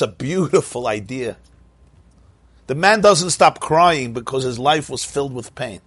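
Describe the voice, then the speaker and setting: A man giving a Torah class as a rabbi, lively and questioning, with mock-cheerful asides. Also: mid-range voice, normal speed, husky, no room sound.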